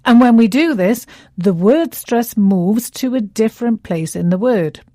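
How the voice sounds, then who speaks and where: A woman presenting an English lesson in a scripted dialogue, speaking clearly and deliberately and stretching words out to show their stress. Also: fairly high pitch, expressive, mellow, no echo, studio quality.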